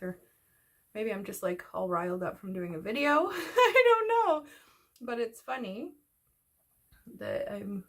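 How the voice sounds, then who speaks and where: A woman's voice: medium pitch, vocal fry, slightly rough. A woman chatting casually as she does her makeup, rambling and a little out of breath. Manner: chatty, rambling, talks while doing makeup. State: slightly out of breath. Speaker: beauty vlogger. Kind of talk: casual get-ready-with-me chat.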